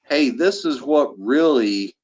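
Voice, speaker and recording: A man's voice: medium pitch, animated, takes it slowly, a little mellow. A man co-hosting a casual livestream chat, rambling and repeating himself as he talks.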